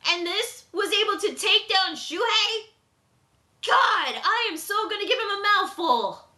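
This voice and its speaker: A woman's voice: extremely high pitch, lively intonation, a little slow, bright, forceful tone, voice pushed up, exaggerated voice. A woman voicing a cocky male fighter who mocks his opponent. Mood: mocking. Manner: mocking, taunting. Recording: echoey room.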